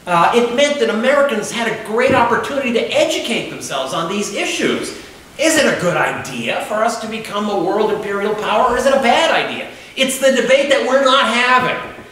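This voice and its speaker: A man's voice: very high voice, big pitch swings, a little fast, sharp tone. A man giving a public lecture as an author, speaking in a conversational, wry way with frequent filler sounds. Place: large echoey meeting hall. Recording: echoey hall from far off.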